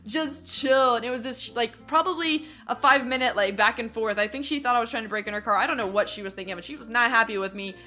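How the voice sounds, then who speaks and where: A young adult woman telling a story from her teens in a casual vlog, animated and acting out what other people said. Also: a little high, fast, hardly any pauses. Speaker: vlogger.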